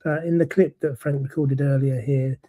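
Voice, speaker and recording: Male church host, mellow, husky tone, courteous announcer. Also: medium pitch, steady tone, moderate pace. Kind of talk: hosting an online church service.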